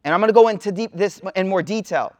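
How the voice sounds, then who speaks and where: A man's voice: sits high, fast. A man, giving an informal Islamic talk to a live audience in a slangy, storytelling way. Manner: casual, slangy storytelling with lively asides. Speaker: Islamic teacher. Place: room with a seated audience.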